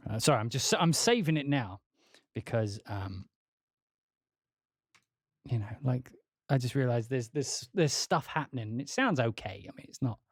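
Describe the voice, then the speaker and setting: Rambling man thinking out loud, dry sound. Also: medium pitch, lively intonation, moderate pace, long pauses, dry recording. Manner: rambling, thinking aloud, swears casually. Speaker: composer livestreaming music production. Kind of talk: casual livestream talk while working.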